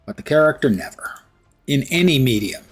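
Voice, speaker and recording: Husky-voiced male streamer, dry sarcastic gameplay commentary. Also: mid-range voice, lively intonation, fairly quick, faint music behind. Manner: sarcastic, wry asides to chat. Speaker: livestream gamer.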